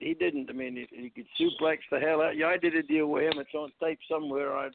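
A man's voice: on the high side, fast talker, vocal fry, hardly any pauses. An older man from Scotland, a veteran wrestler telling blunt, folksy stories with dry humor over a phone line. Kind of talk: casual storytelling on radio.

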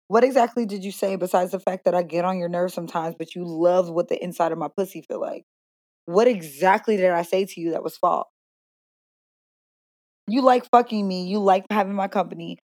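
A woman's voice: lowish voice, brisk, darkish tone, dry recording, clean studio sound. A young woman co-hosting a casual chat, blunt, profane and playful, laughing often. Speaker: podcast co-host.

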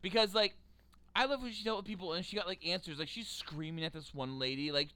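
A man's voice: high voice, quick pace, bright, forceful tone, clear, resonant tone, no echo. A man in his thirties co-hosting a comedy podcast about a movie, talking animatedly, swearing and acting out the characters' lines. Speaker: podcast co-host. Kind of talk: casual comedic movie chat.

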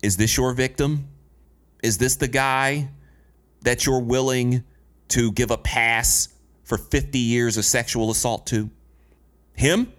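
A man's voice: medium pitch, fairly even intonation, takes it slowly, long pauses, a bit bright. A man commenting on a clip in an indignant, sarcastic and profane way. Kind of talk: commentary vlog.

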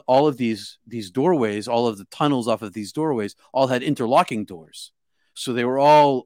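Halting man telling a near-death story. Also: mid-range voice, a little mellow, no echo, clean studio sound. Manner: halting, with frequent restarts and repeated words. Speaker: guest. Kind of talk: emotional first-person storytelling.

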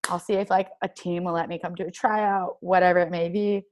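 Young female athlete guest, casual and lively storyteller, acts out quoted lines in her own voice. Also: fairly low pitch, brisk. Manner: animated, heavy use of "like", acts out quoted dialogue. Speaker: guest, professional soccer player.

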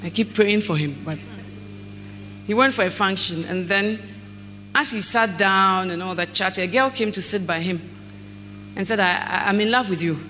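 Preacher mid-sermon, very high and bright voice, slow scripture reading, reverberant hall. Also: male voice. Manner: slow scripture reading, lively storytelling with acted dialogue. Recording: echoey hall, faint mains hum.

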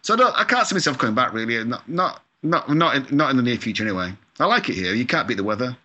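A man's voice: mid-range voice, big pitch swings, quick pace, bright, forceful tone, dull audio. A Scottish-born man, a video game composer, chatting casually in an interview, full of fillers, mild swearing and self-deprecating asides. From Scotland. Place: lives in California.

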